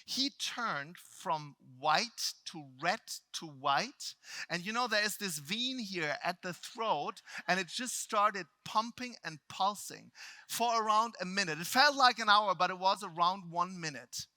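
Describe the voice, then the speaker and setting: A middle-aged man from Germany with a German accent, telling a personal story to a live seminar audience. He swings between loud outbursts and quiet reflection. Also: sits high, animated, a little slow, no echo. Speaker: motivational speaker.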